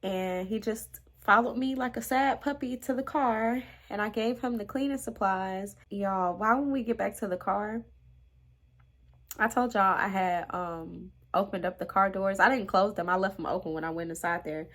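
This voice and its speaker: Young woman, storytime vlogger, dramatic and chatty, whispers for emphasis, mid-pitched. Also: normal speed. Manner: animated, dramatic, drops to hushed whispers for emphasis; talks straight to viewers, slangy and exasperated. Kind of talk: casual storytelling to viewers.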